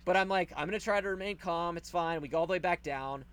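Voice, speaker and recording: Animated cursing man telling a story. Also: high voice, fast talker, smooth. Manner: animated, profane, acts out the people in his story. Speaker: podcast host. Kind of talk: casual storytelling.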